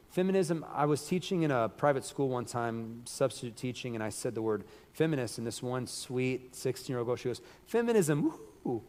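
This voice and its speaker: Male preacher, sermon, hoarse voice, emphatic, middle pitch, long hall reverb. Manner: emphatic, rising to loud bursts. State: losing his voice. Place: church hall.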